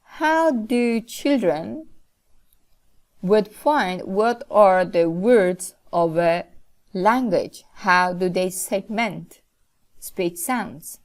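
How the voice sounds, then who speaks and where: Slow, deliberate woman lecturer. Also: mid-range voice, animated. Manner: slow, deliberate explaining with careful pauses. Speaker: linguistics lecturer. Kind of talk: recorded lecture.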